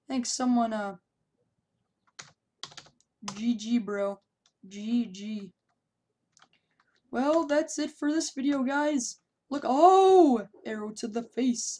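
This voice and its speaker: A young woman commenting on her own gameplay, shouting taunts in bursts and then muttering to herself. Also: a little high. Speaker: gameplay YouTuber.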